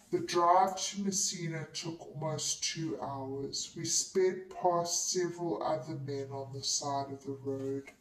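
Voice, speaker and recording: An audiobook narrator reading a novel in the first person, in a steady, measured way. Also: medium pitch, a little hiss or hum. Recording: roomy echo, distant mic.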